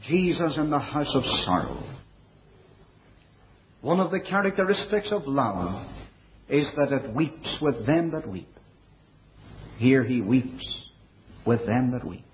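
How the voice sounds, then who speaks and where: A man preaching a sermon in a measured way, dropping his voice low and soft for quoted verses. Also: big pitch swings, a little hiss or hum. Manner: measured preaching, quoting scripture in older English. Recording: dull, lo-fi recording.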